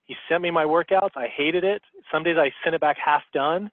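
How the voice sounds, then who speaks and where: A man's voice: a little high, fairly quick, no room sound. A man giving a motivational talk as a guest speaker on a team call, coaching his listeners and checking in with "okay?". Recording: tinny phone line.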